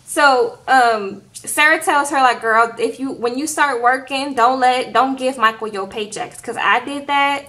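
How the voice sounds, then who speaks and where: A young woman talks straight to her camera in a casual vlog, recapping an episode with lively retold quotes and laughter. Her voice sits a little high and sounds bright and forward. She keeps a loose, conversational flow. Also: a little slow, hardly any pauses. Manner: chatty, animated retelling with quoted voices and laughs. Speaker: reality show recap vlogger.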